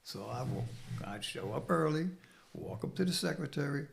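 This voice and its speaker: Interview guest, man, 60s, from New York City, gravelly and blunt, street talk. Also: a little high, expressive, moderate pace. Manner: streetwise, blunt, profane storytelling. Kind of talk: recovery story interview.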